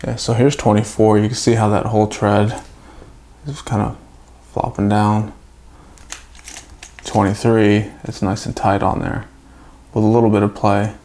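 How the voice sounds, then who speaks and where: Gravelly-voiced man narrating a build. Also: on the low side, level tone, a little slow, long pauses, dark tone. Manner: chatty, self-mocking asides. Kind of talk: casual build commentary.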